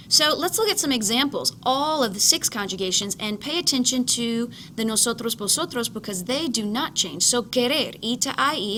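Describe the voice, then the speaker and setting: In this recorded slide lecture, a Spanish teacher with a sharp, medium-pitched voice walks through the material patiently, with a faint hiss or hum in the audio. She repeats the important points and says each word aloud as a pronunciation model.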